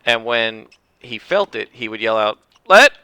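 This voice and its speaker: A man giving casual commentary over his own tennis game, explaining the rules at length and rambling with restarts and throat clearing. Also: fairly low pitch, level tone, moderate pace, sharp tone, no echo. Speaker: gameplay commentator. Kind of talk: casual let's-play commentary.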